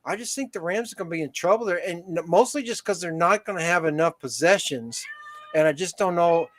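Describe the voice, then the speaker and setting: A male host on a casual football talk stream. His voice is quite high for a man, and he loops back and restarts his thoughts as he talks through his picks. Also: brisk.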